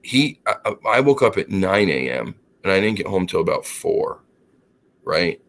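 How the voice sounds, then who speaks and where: A man co-hosting a casual chat, telling an animated, profane story and acting out the quotes. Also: low-pitched, measured pace, a little hiss or hum. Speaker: co-host.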